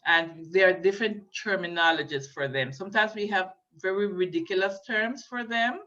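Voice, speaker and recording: A woman giving a lecture, hesitant and filling pauses, often checking in with her listeners. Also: medium pitch, bright, forceful tone. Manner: hesitant, many fillers, checks in with "okay?". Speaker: linguistics lecturer. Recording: dull lo-fi recording.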